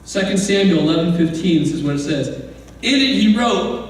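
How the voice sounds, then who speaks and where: In an echoey church sanctuary, picked up by a distant mic over faint room noise, a man preaches as pastor. His high, expressive voice moves at a moderate pace as he tells the story conversationally, adding asides and performing the quoted voices.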